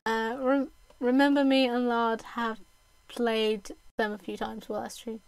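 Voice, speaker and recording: A young woman from the UK with a Southern English accent chats to her stream viewers in a slow, unhurried way. She giggles often and keeps things friendly. Her voice sits a little high and sounds dry and close, with no room around it. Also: flat delivery, clear, resonant tone, no echo. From United Kingdom. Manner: chatty and giggly, laughs often. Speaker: game streamer. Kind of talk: casual live-stream chat.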